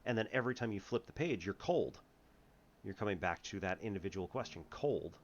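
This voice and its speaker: Male math tutor, deep voice, loose rambling delivery with frequent laughs, muffled lo-fi audio. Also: expressive, slight background noise. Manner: rambling, laughs often, halting restarts. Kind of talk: casual lesson chat.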